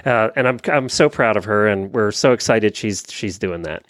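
A man hosting a podcast, chatting in an easygoing way and giving plugs and shout-outs. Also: lowish voice, moderate pace, dry recording, clean studio sound. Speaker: podcast host. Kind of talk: casual chat.

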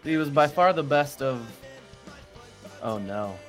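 A man's voice: fairly high pitch, lively intonation, slow pace, faint music behind. Jokey man hosting a sports podcast. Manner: playful, jokey, laughs often. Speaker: podcast host. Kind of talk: casual sports chat.

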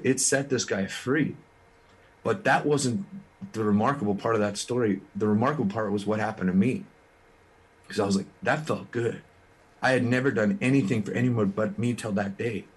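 Brief: Canadian-raised man, lowish husky voice, earnest and frank interview guest. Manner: earnest, frank, quick restarts. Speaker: guest musician. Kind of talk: candid storytelling interview.

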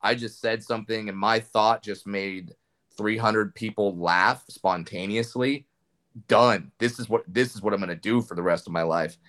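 Comedian guy chatting in an interview, low smooth voice, tells stories straight, trips over starts. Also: fairly even intonation, moderate pace, fairly bright tone. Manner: candid storytelling, frequent restarts. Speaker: comedian guest. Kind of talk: casual interview chat.

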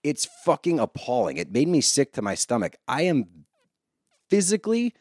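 A man ranting with heated, profane energy as he co-hosts a casual recap podcast. His pitch swings widely and he talks into a close mic in a dry, dead room. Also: wildly swooping pitch, normal speed, a little mellow, dry recording. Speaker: podcast co-host.

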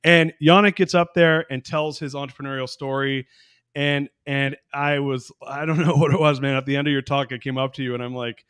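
A man in his forties hosts a casual podcast interview with loud, hyped enthusiasm. His voice sits mid-range and the recording is dry and close, with no room sound. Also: medium pitch, fairly even intonation, a little fast, clear, resonant tone, dry recording. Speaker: podcast host.

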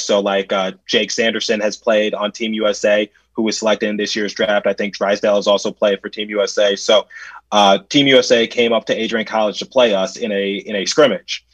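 Young male podcaster, lively storytelling with restarts, dry muffled audio, mid pitch. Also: no echo. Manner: animated, stumbling restarts, acts out quotes loudly. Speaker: podcast host and play-by-play announcer. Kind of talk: casual storytelling.

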